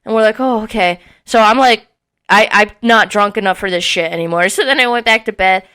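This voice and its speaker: A young woman in her twenties tells a rowdy story on a casual podcast. Her voice is bright and clear, and she acts out what people said with a lot of swearing. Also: medium pitch, brisk. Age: early 20s. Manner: animated, swearing often, acting out quotes with laughs. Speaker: podcast co-host.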